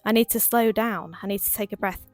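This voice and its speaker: A woman's voice: medium pitch, steady tone, no room sound. Brief: woman, casual craft-vlog voiceover, rambling and chatty, dry close mic, faint music under. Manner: rambling, quick, self-deprecating. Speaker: crafting vlogger.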